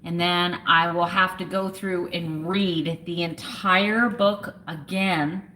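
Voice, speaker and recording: A woman in her fifties talks to her livestream viewers at an unhurried, slow pace, in a fairly low voice. She is emotional and close to tears, and her sentences stall on fillers and trail off. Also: steady tone, pushed and bright. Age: 50s. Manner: halting, with many fillers and trailing thoughts. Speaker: vlogger. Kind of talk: casual livestream chat.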